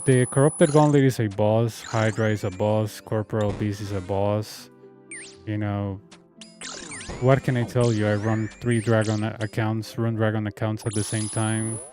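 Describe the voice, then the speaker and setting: A man's voice: lowish voice, steady tone, measured pace, music in the background. A man with a Latin American Spanish accent, a native Spanish speaker, telling a story in a sarcastic, exasperated casual rant as a game streamer.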